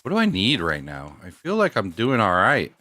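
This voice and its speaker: A man's voice: fairly low pitch, wildly swooping pitch, moderate pace, bright, forceful tone, dry recording. A middle-aged man streaming a game, chatting casually in slangy talk and laughing often. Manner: laid-back slangy, laughs a lot. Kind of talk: casual live-stream chat.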